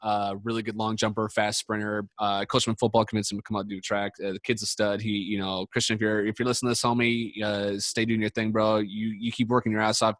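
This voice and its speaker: A man's voice: lowish voice, level tone, fast talker, hardly any pauses, a bit bright, no room sound, clean studio sound. A man telling a long story in a casual podcast chat, rambling and swearing, full of fillers and restarts. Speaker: podcast speaker, sports coach.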